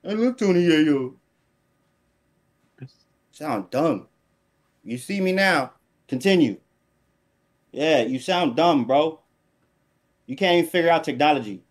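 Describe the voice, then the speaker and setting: A man's voice: a little high, expressive, unhurried, long pauses. A man in a heated live stream argument, combative and mocking, repeating his taunts over and over.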